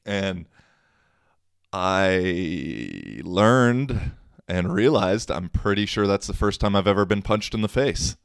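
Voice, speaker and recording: A man's voice: low voice, expressive, takes it slowly, creaky, smooth, dry recording, studio quality. A young man hosting a podcast, telling a story casually, with rambling fillers, restarts and a wry tone. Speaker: podcast host.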